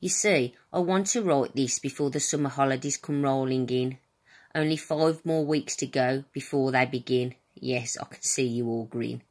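A woman's voice: very deep voice, moderate pace, darkish tone. A woman with a Birmingham accent, a school staff member, earnestly reading her own rhyming poem straight to her pupils. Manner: earnest, addressing pupils directly.

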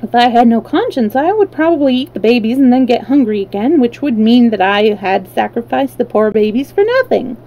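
A woman's voice: on the high side, animated, a little fast, hardly any pauses, dull audio. A woman voicing a huge hungry tiger who reasons earnestly about not eating anyone. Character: hungry tiger with a gentle conscience.

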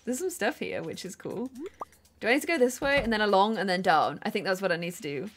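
A woman hosting a co-op gameplay video, bubbly and excitable, with lots of gasps. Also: mid-range voice, quick pace, noisy background. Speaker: gaming channel host. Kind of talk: co-op let's play commentary.

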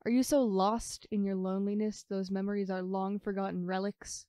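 A woman's voice: mid-range voice, little pitch movement, moderate pace, clean tone, dry recording, clean studio sound, close to an everyday voice. A woman doing a wistful, probing inner voice. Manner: questioning, shifting between soft and pressing. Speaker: stage actor. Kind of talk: experimental theater monologue.

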